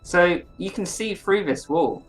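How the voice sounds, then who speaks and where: A game master narrating a tabletop game in a slow, laid-back way, swearing now and then. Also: medium pitch, soft background music.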